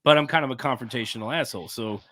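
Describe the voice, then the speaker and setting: A man, a film producer, telling a profane, animated anecdote as a guest on a podcast. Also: medium pitch, very fast. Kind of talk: podcast storytelling.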